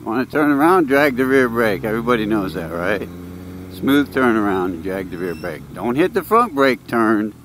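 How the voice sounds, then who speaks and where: A man's voice: on the low side, big pitch swings, normal speed, a bit bright, rough recording. Chatty man vlogging from a motorcycle. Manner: rambling, chatty storytelling. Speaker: motovlogger. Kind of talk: casual ride commentary. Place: outdoors on a moving motorcycle. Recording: wind and road noise.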